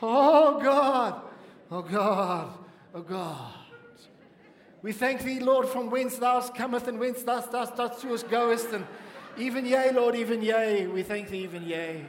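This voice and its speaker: A man playing a pompous churchgoer who prays in showy, old-fashioned words with a tremolo voice, loud and solemn. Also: extremely high pitch, slow, slight background noise. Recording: echoey church hall.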